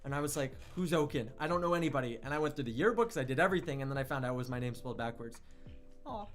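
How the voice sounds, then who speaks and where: A young man hosting an online radio livestream, chatty and excitable, reading viewer chat and hyping an upcoming release. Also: medium pitch, rapid-fire, faint music behind. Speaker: online radio show host.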